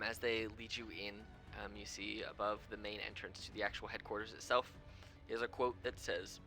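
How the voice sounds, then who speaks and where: A man narrating as game master of a tabletop game, unhurried and full of fillers. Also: fairly low pitch, bright, forceful tone.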